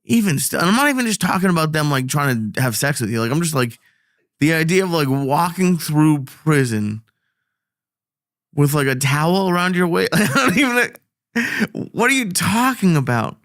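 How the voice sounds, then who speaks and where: A young man as co-host in a casual chat, talking in halting, "like"-filled bursts and laughing often. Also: on the high side, sing-song, a bit bright, no echo, studio quality.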